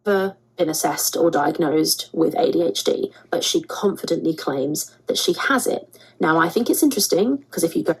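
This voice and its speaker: A woman host walks through a scripted commentary. Her voice sits low with a husky edge, and she hammers points home by repeating words. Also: moderate pace, low-quality recording. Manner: emphatic, repeats words for stress.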